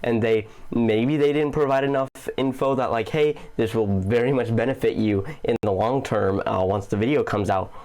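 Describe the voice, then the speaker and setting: Brief: male commentary host, average pitch, goofy and chuckling, casual and profane. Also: moderate pace, few pauses, a little mellow.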